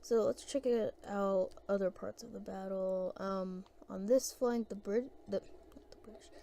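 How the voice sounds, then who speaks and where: Woman, casual gameplay commentator; soft, mellow tone, unhurried and meandering delivery. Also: medium pitch, fairly even intonation. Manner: rambling, hesitant, thinking aloud.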